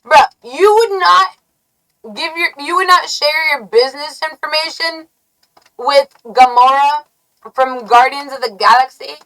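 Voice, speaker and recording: Slow, brash, taunting woman streamer. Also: high-pitched, sharp tone, rough recording. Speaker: live streamer. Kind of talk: rambling livestream rant.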